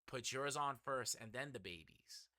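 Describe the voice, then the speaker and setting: A young man from the Bronx, New York, hosts a casual podcast chat, his medium-pitched voice pushed and bright at a moderate pace. He tells stories by acting out the dialogue and swears freely along the way.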